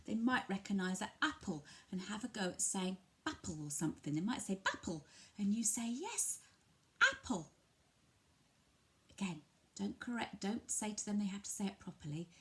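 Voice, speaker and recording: Demonstrating a picture book for parents, an English woman who works in early language at a family centre keeps a brisk pace and a medium pitch. Her explanation is gentle and patient, turning bright and sing-song whenever she models words.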